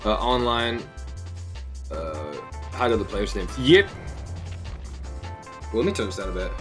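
A young man streaming a game from home, chatting casually, swearing and breaking into sudden excited outbursts. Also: fairly low pitch, unhurried, soft background music. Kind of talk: casual live-stream chat.

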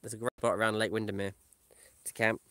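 Brief: male van-life vlogger, casual live chat, bright crisp voice, dry close sound. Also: fairly low pitch, flat delivery, fast, no room sound. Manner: casual, chatty, reads comments aloud and answers them. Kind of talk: live stream chat, reading viewer comments. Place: in a camper van or parked outdoors.

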